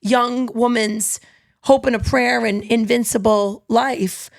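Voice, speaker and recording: Chatty woman with a gravelly voice. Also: on the high side, takes it slowly, no echo, clean studio sound. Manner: energetic, chatty. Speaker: podcast host. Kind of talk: casual podcast chat.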